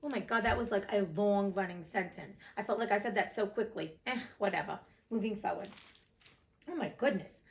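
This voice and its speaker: A woman's voice: mid-range voice, brisk. A woman hosting an audiobook podcast, chatting in a jokey, self-deprecating way before reading aloud. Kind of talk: casual chat and audiobook reading.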